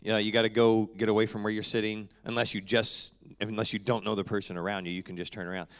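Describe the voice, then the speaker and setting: Speaking in a lowish voice with little pitch movement, a man leads a casual church welcome for his own congregation in the sanctuary. He comes across as a down-to-earth pastor, joking and chatting at an easy, unhurried pace.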